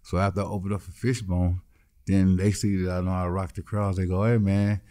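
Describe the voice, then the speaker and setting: A man's voice: low-pitched, little pitch movement, fast talker, warm tone. A man, a musician guest in an interview, telling his story bluntly and acting out the voices of the people in it. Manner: blunt, swears freely.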